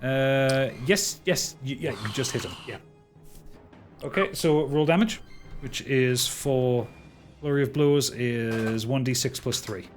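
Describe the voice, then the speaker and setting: A man runs a tabletop game as dungeon master, his voice of middle pitch. He narrates in a halting way, often repeating words. Faint music plays under him.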